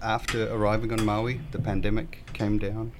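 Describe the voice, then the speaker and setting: Low-voiced man with a Kiwi accent. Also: monotone, moderate pace, background noise. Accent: New Zealand. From New Zealand. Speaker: event organizer guest. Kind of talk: casual interview chat.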